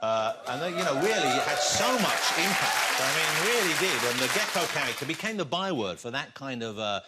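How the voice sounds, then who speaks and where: A man hosts a TV chat show, his voice sitting a little higher than most men's. He teases his guest with quick quips, and a loud studio audience and heavy noise fill the recording. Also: big pitch swings, over a noisy crowd. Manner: teasing, quick interjections. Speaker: talk show host.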